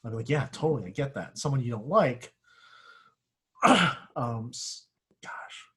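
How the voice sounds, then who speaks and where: Husky-voiced male instructor clearing his throat. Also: medium pitch, unhurried. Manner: casual, filler-heavy, keeps clearing his throat; self-correcting, searches for words. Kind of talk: classroom lecture on giving feedback.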